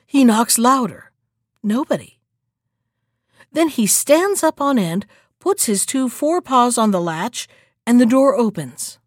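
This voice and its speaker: A woman narrating a fairy tale aloud in an expressive, dramatic storytelling manner. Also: medium pitch, dry recording, clean studio sound. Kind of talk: storybook reading.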